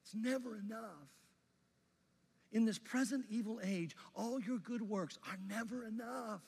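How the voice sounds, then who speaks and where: A male pastor preaching a sermon with passion, rising loud and dropping soft. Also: high voice, moderate pace, creaky, husky, big-room sound.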